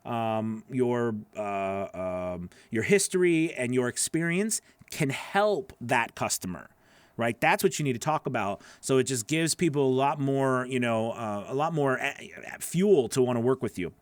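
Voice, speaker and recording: A man's voice: mid-range voice, expressive, unhurried, clear, resonant tone, no room sound. Chatty male coach, dry close sound. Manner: casual, encouraging, repeats phrases with many fillers. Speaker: voice-over coach. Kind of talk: live critique of freelance gig pages. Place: home.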